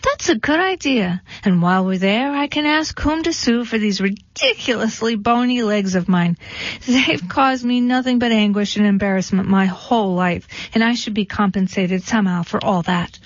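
High-pitched fussy hen, vain and complaining, storybook voice, put on by a woman. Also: moderate pace, dry recording, lightly acted. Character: shrill fussy hen complaining about her legs. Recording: dull dry lo-fi recording.

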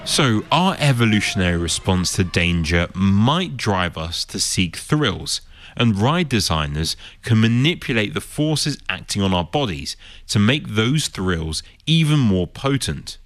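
Low-voiced male documentary narrator. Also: very animated, a bit bright, dry recording. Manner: measured, explanatory. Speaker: presenter.

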